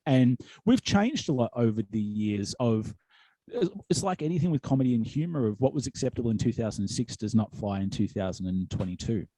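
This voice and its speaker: Rambling Australian man with a mellow voice. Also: medium pitch, animated, brisk, no room sound. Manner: rambling storyteller with many ums, likes and restarts. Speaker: wrestling commentator and promoter, guest. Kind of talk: casual podcast chat.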